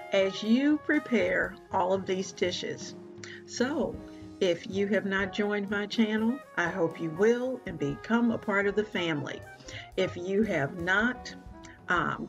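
A woman hosting a cooking video in her home kitchen, talking slowly and unhurriedly with a gravelly edge to her voice. She walks viewers through every step in a chatty, friendly way, over faint background music on slightly dull audio. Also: mid-range voice. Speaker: cooking channel host. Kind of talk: casual cooking demonstration.

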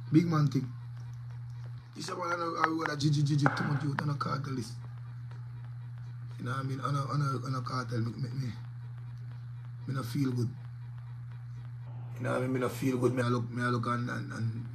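A man's voice: medium pitch, noisy background. Jamaican man in rambling patois. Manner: rambling patois talk peppered with curses. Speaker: DJ and vlogger. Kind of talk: casual commentary to camera.

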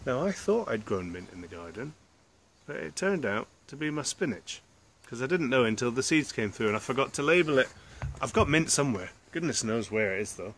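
A man reads a children's picture book aloud in a lively voice that swings up and down in pitch. He breaks off for chatty asides to his young listeners. A faint hum of background noise runs underneath. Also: fairly quick. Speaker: storyteller.

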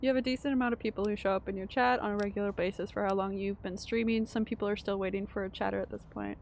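A woman's voice: mid-range voice, fairly even intonation, very fast, gravelly, darkish tone, slight background noise. A Canadian woman streaming a video game, chatting casually with her viewers and laughing often. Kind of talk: casual gameplay commentary.

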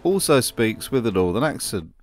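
A man's voice: medium pitch, sing-song, moderate pace, a little mellow, soft background music. A man narrating a scripted commentary video with a dry, sardonic manner.

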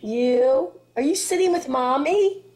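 A woman's voice: high voice, expressive, unhurried, darkish tone. A woman on a home video, playfully quizzing a toddler with questions and animal sounds. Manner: playful, laughing baby talk with animal sounds.

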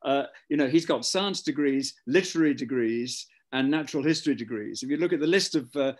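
A man co-hosting a live online book discussion over a video call, talking in a measured, lecturing way and building his points as lists. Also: mid-range voice. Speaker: co-host.

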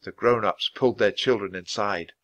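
A man reading a children's chapter book aloud at a natural pace for language learners. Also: moderate pace. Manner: reads at a natural, even speed for language learners; jumps higher and louder for the characters' lines. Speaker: storybook reader.

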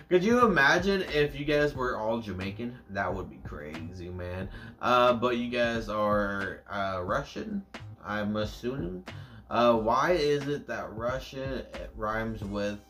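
A man's voice: mid-range voice, lively intonation, slow, a bit bright. A young American man hosting a music reaction, talking casually with many fillers and jokey asides. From United States.

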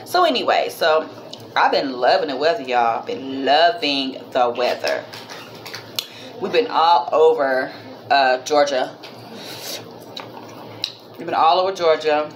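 Low-voiced chatty woman vlogger. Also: expressive, measured pace, pauses often, slight background noise. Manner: chatty, rambling, addresses viewers as "y'all"; heartfelt, religious. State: minor cough. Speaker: vlogger, mother. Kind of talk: casual chat to camera.

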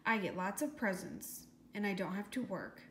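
A woman's voice: medium pitch, expressive, normal speed, a bit bright. A woman voicing a bratty, spoiled schoolgirl who sneers like a know-it-all, read in a storybook. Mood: snide. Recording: echoey room with faint hiss.

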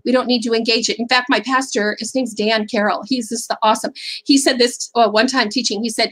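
A woman's voice: on the high side, fairly even intonation, a little fast, fairly bright tone, rough recording. A middle-aged woman speaking at a faith-based seminar, candid and conversational, often checking in with "right?".

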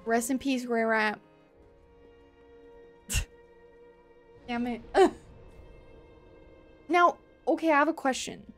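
High-voiced streamer woman, playful. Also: takes it slowly, long pauses, faint music behind. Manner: dramatic mock grief, playful and swearing. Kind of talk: casual gameplay commentary.

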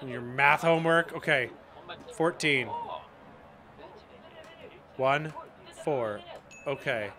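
A man hosting a gaming channel, chatting in a bemused way to himself as he plays a game. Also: mid-range voice. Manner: chatty, bemused, talking to himself while playing. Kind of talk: let's play commentary.

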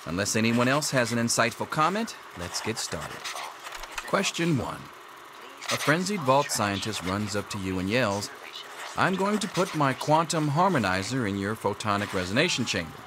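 An actor playing a sardonic schoolteacher addressing a class, with game music behind. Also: male voice, medium pitch, sing-song, moderate pace, background noise, lightly acted. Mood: wry. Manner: dry, sardonic. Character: dry, wry male schoolteacher. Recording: game audio with clear background music.

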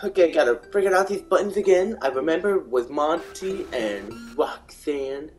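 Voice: medium pitch, lively intonation, normal speed, darkish tone, soft background music, close to an everyday voice. A performer voicing a jumpy, cheeky boy who swears and panics easily, in a real-time game fandub. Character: cheeky young boy sneaking through a mall.

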